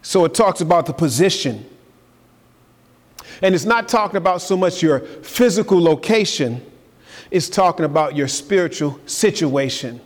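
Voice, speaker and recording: A man preaches to his congregation, his voice pitched high. He repeats his key phrases and builds to forceful, emphatic peaks. The sound rings with the long reverb of a large church sanctuary. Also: expressive, moderate pace. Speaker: pastor. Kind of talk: sermon.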